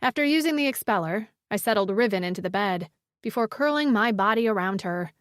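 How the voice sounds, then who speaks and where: A woman reads a first-person fantasy romance audiobook with an expressive storytelling delivery. Her voice sits at a middling pitch, and the recording is dry and close to the mic. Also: a little fast, no echo. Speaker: audiobook narrator. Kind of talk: first-person fiction narration.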